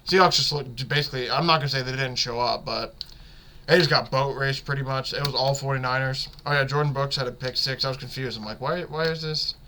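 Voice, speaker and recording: A man hosting a sports podcast, talking casually and excitedly about football games, often correcting himself and circling back mid-sentence. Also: mid-range voice, fast, noisy background. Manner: rambling, excitable, self-correcting. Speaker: podcast host.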